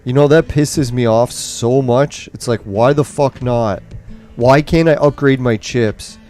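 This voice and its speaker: A man's voice: mid-range voice, measured pace, warm tone, soft background music. A man commentating on a mobile game as he plays, ranting angrily and swearing nonstop while in nicotine withdrawal. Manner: angry swearing rant. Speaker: gaming streamer.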